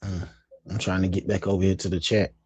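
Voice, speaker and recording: A man's voice: deep voice, flat delivery, brisk, darkish tone, breathy edge, no echo. A man hosting a casual hobby live stream, chatting in a laid-back, talkative way and often repeating his phrases. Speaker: livestream host.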